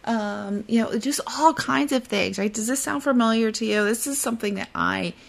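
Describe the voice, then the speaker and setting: A woman hosting her own podcast in casual solo talk, a fast, excitable talker who tries to slow herself down. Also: vocal fry. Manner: mimics flustered apologies in a high voice. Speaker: podcast host.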